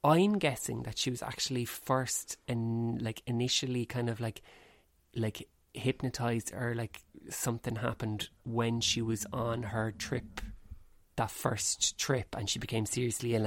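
Cohost rambling on, lots of likes, mid pitch, bone dry mic. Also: no room sound. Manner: rambling, full of "like" and trailing phrases. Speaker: podcast co-host. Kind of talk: casual chat.

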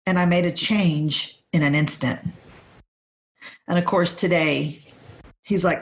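A woman in her forties talks on a faith-based podcast with an emphatic, preacherly delivery. Her voice sits on the low side, and she drives her points home by repeating key phrases. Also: steady tone, takes it slowly, long pauses, a bit bright. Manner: preacherly, speaks in declarations. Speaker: podcast guest.

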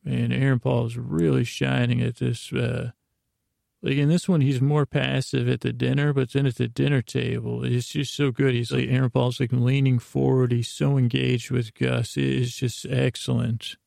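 A man's voice: medium pitch, little pitch movement, moderate pace, creaky, a little mellow, no room sound, clean studio sound. A man hosting a podcast, retelling a story in a meandering, drowsy way, full of fillers and restarts. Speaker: podcast host. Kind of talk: rambling bedtime retelling.

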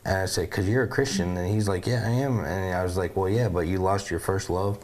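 An American man co-hosting a faith podcast, telling animated, rambling stories in casual chat and often saying "you know what I mean". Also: deep voice, a little fast. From United States. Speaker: podcast co-host.

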